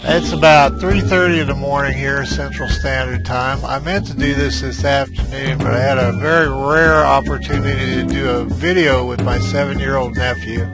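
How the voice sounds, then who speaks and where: A man's voice: medium pitch, fairly even intonation, normal speed, few pauses, over loud music. A man giving casual, rambling commentary on a game he is playing at his computer, hesitating often with "uh" fillers. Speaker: let's play gamer.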